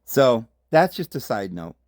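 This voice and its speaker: A man's voice: mid-range voice, sing-song, measured pace, a little mellow, dry recording, clean studio sound. A man from the United States hosting a commentary monologue, speaking emphatically with rhetorical questions and asides. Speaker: host.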